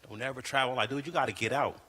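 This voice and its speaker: A young stand-up comedian from the Bay Area with a bright, forceful voice. He tells stories animatedly and jumps his pitch up to act out his friends' lines. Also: steady tone, rapid-fire, slightly rough, big-room sound. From Bay Area, California.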